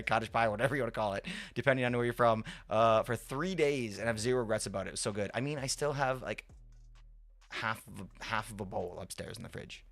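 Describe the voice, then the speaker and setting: A man's voice: lowish voice, a bit bright. A man live-streaming a game in casual chat who rambles, repeats himself and swears offhand.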